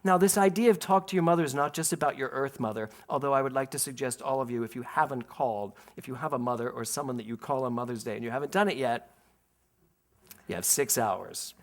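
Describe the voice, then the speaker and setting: Animated male minister telling a story. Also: mid-range voice, fast. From Philadelphia. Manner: animated storyteller, laughs and acts out voices, speaks to the congregation. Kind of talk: sermon with personal storytelling. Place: spiritual center sanctuary.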